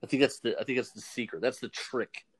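A male radio host talking at an ordinary pitch. He chats casually and cracks quick jokes, often laughing at his own asides. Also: steady tone, husky.

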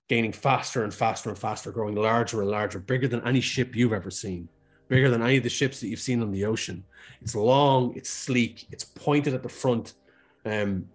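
A man narrating as game master in a casual way, with restarts and the odd swear word. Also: medium pitch.

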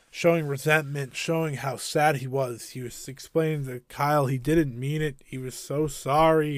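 A man's voice: a little high, no echo, clean studio sound. A man hosting a wrestling review podcast, talking in an enthusiastic, rambling way. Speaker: podcast host.

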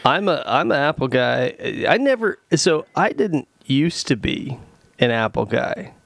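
A man's voice: medium pitch, big pitch swings, unhurried, creaky, fairly bright tone, no echo. A man co-hosting a podcast, chatting casually, telling sarcastic stories and rambling with plenty of fillers. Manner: joking, sarcastic storytelling. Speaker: podcast co-host. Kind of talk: casual chat.

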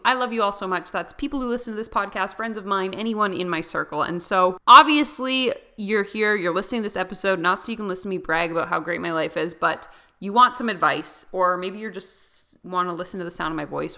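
A woman's voice: medium pitch, pushed and bright. A young woman hosting her own podcast, rambling through unscripted solo talk with frequent laughs. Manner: chatty and rambling, often laughing. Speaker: podcast host.

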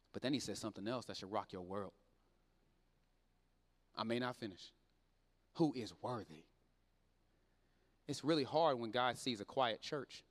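A man preaching a sermon in church, dropping low and quiet then building up loud and fervent. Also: long reverb tail. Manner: swings from low and quiet to loud and shouting, plain Southern-leaning speech.

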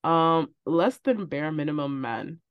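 Young woman co-host, casual podcast chat, candid, animated, slightly low voice. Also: a little slow, smooth, lo-fi sound. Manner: candid, animated, ranting with laughs.

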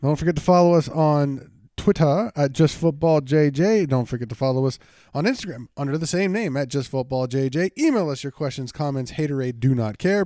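A man's voice: medium pitch, dark tone, no echo, clean studio sound. A young man co-hosting a casual sports podcast, jokey and hyped, repeating phrases for effect. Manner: jokey, hype-driven, repeats himself. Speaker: podcast co-host.

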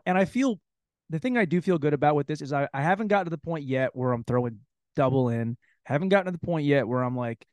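A man hosting a solo comedy podcast, telling crude, rambling stories in an animated way. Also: a little high, dry recording. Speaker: podcast host.

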